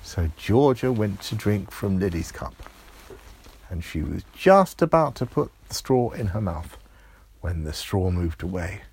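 A man's voice: low-pitched, big pitch swings, a little slow, darkish tone, slightly rough. A man narrating an improvised children's story, playful and building suspense.

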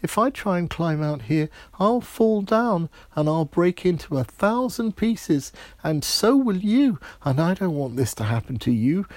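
A man voicing a little princess girl in an improvised bedtime story, swinging between excitement and fear. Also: lowish voice, brisk, gravelly, few pauses, husky, no room sound. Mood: frightened. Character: little princess girl, emotional, changes colour.

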